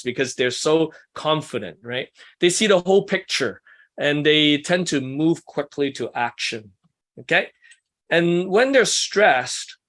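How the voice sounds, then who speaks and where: A man's voice: a little high, fairly bright tone. Conversational man leading a workshop. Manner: conversational, asks the group questions, self-deprecating asides. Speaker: workshop leader for ministry couples. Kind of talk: casual teaching talk to a small group.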